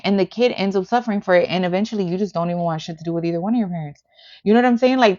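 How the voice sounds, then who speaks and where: On a livestream, a woman with a mid-range voice reads tarot in blunt, heavily profane language. She leans hard on "like" and "bitch" as fillers, and the audio sounds dull.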